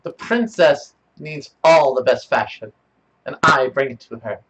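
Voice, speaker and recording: A man's voice: mid-range voice, a little slow, a bit bright, highs cut off. A man chatting casually as a player in a tabletop game, playful and laughing often.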